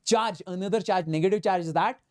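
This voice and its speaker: A man with an Indian accent and a high voice talks a little fast while teaching physics in an online exam-prep lecture. He emphatically repeats himself and slips Hindi words into his English.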